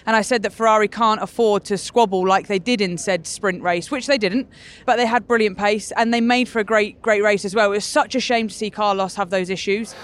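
Female presenter, mid-pitched, enthusiastic trackside chat outdoors. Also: fairly quick, slight background noise. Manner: enthusiastic, animated storytelling. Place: outdoors in a racing paddock.

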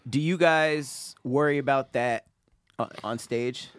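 A man's voice: mid-range voice, slow, clean tone, dry recording. A man co-hosts a comedy podcast in a loose, conversational way. He asks questions and lets his sentences trail off. The sound is dry and close. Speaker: podcast co-host. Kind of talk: casual chat.

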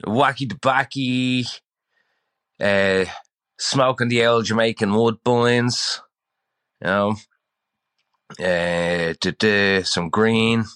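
An Irish man reels off a rambling list in a bright, forceful voice, taking his time over each item. His pitch sits on the low side. The recording is dry, with no room echo. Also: extremely slow, long pauses, smooth. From Ireland. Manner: rambling, laughs between lists. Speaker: listener caller.

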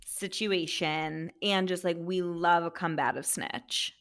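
A woman's voice: on the low side, steady tone, slow, fairly bright tone. A woman co-hosting a casual book club podcast, playful and joking, her talk full of fillers. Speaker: podcast co-host.

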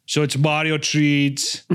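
A man's voice: fairly high pitch, fairly bright tone. A man riffing in comedic podcast banter, parodying a YouTuber's upbeat delivery with frequent laughter. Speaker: podcast co-host.

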